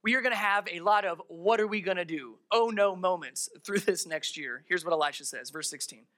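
A pastor delivers a sermon in a relaxed, chatty storytelling manner, stopping for asides and questions to the congregation. The voice is bright and forward, at a medium pitch. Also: a little fast. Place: church service held in a darkened theater.

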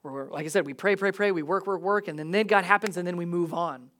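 Pastor, sermon, church sanctuary, lively conversational delivery, soft-to-loud swings, humorous. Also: mid-range voice, fast talker.

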